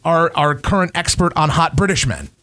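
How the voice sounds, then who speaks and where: A man's voice: fairly high pitch, expressive, normal speed, bright, forceful tone. Heartfelt, rambling male podcast host. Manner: heartfelt, rambling, swears casually. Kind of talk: casual podcast chat.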